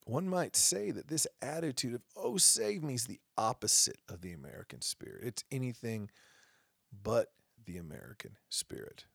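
A gravelly, husky-voiced man hosting his own podcast, speaking with passion and slipping into sarcastic asides. The recording is dry and close, with no room sound. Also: mid-range voice, animated, moderate pace, dry recording. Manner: impassioned, with mocking asides. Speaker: podcast host. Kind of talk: opinion monologue.

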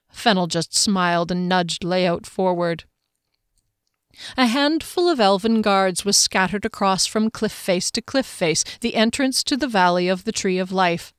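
A woman reading a fantasy novel aloud in a steady storytelling manner. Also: medium pitch, a little slow, clear, resonant tone, no room sound, clean studio sound. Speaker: narrator. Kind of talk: scripted fantasy narration.

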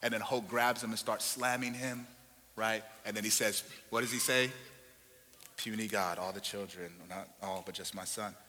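A man preaching a sermon as a pastor, moving from low, chatty asides to loud, emphatic preaching. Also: fairly even intonation, moderate pace, slight background noise. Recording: long hall reverb.

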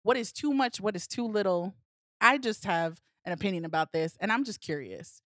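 A young woman co-hosting a podcast, talking casually in an animated, sassy way and telling a story with many restarts. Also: mid-range voice, normal speed, no echo, studio quality. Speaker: podcast co-host.

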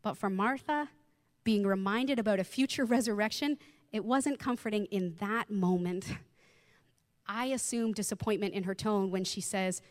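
A woman preaching a sermon, reading scripture and telling a personal story in an expressive way that acts out the voices she quotes. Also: mid-range voice, moderate pace, in a large hall.

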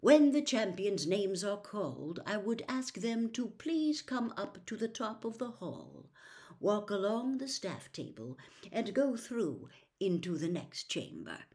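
Woman reading as a wise old wizard headmaster, formal and measured, storybook read-aloud, real slow. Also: medium pitch, very animated, a little mellow.

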